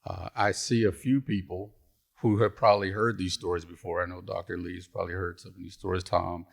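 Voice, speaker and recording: A man's voice: sits low, flat delivery, a little fast, creaky. A middle-aged man and retired pastor giving a storytelling conference lecture, folksy and humorous, on a stage mic. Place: conference hall.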